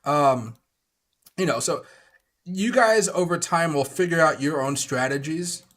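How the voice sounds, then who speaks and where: A man's voice: fairly high pitch, a bit bright. A young man hosting a trading livestream, talking casually in a rambling, chatty way while sick. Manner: fast rambling chatty, with fillers. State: sick, coughing.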